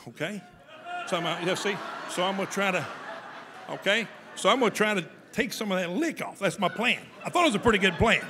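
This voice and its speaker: A man telling a humorous story to an audience, folksy and lively, often laughing as he goes. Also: sits high, long reverb tail, slight background noise.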